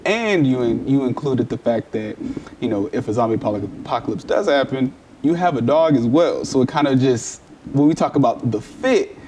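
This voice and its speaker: A man interviewing a college athlete, conversational and quick with agreeing interjections. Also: mid-range voice, expressive, a little mellow, slight background noise. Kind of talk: sports interview.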